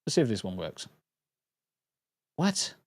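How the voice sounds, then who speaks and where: A man's voice: fairly low pitch, big pitch swings, unhurried, dry recording. A British man hosting a livestream, chatting casually to viewers in a rambling, jokey way and swearing freely. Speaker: livestream host.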